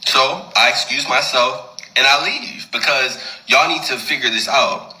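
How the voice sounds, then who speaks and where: Bright-voiced man telling a story. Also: mid-range voice, unhurried, low-quality recording. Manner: conversational, animated retelling. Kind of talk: casual storytelling.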